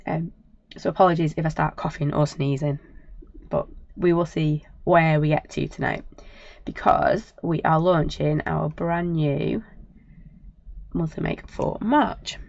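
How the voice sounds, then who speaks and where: A woman hosting a live craft product demo, a little croaky and talking in a chatty, apologetic, rambling way. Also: deep voice, unhurried, darkish tone, no room sound. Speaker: craft shop host. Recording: dull lo-fi sound.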